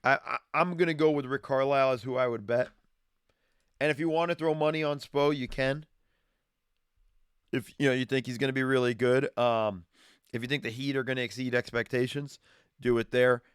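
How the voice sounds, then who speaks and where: A man hosts a casual live stream from a home garage, talking through his picks in a rambling, self-correcting way. His voice is smooth and resonant at a middle pitch. The sound is dry and close, with little room echo. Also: fairly even intonation, moderate pace. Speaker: streaming show host. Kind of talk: casual sports betting talk. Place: home garage with wood paneling. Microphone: streaming setup, green screen.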